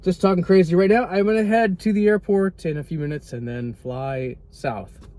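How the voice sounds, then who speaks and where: A man's voice: high-pitched, normal speed, warm tone. Rambling man vlogging over road noise. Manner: rambling, easily distracted, dry joking asides. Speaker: travel vlogger. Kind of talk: casual vlog chat to camera.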